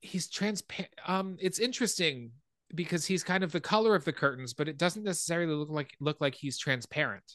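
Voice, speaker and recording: A man hosting a podcast, casually retelling a film scene by scene and getting animated at the scary parts. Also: a little fast, no room sound, studio quality. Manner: animated storytelling, rises in pitch when excited. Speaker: podcast host.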